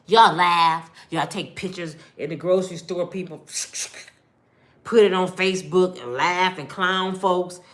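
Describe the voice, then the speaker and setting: A middle-aged woman vlogger giving heartfelt life advice in an animated, preachy big-sister way. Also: lowish voice, measured pace.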